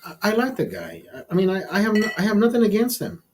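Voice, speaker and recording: A man casually telling a profane story in a vlog, animated and blunt. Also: high-pitched, quick pace, a little hiss or hum, poor audio. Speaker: vlogger.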